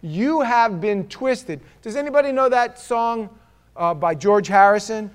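Middle-aged male pastor, New York accent, slightly high voice, punchy conversational sermon with low asides. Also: animated, unhurried, clean tone. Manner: emphatic, swings between loud punches and low asides.

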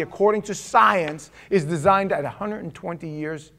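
A pastor preaching a sermon, swinging from loud emphatic lines to quiet asides, with chatty restarts and stammers. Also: male voice, high voice, moderate pace, vocal fry, hardly any pauses.

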